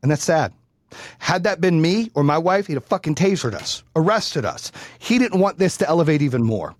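A man's voice: on the high side, animated, normal speed, dry recording. A man telling a heated personal story in casual chat, blunt and profane.

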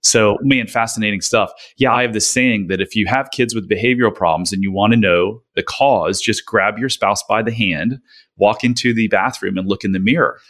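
A man hosting a relaxed interview about parenting, talking in a reflective, coaching way. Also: on the low side, moderate pace. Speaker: podcast host. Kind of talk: casual interview chat.

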